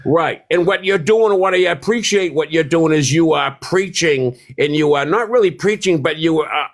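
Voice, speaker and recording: A man calling in to a live stream with a notably high voice for a man. He speaks emphatically, hammering his points by repeating them. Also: a bit bright. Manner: emphatic, repeats himself for effect. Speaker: caller. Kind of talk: casual live-stream call.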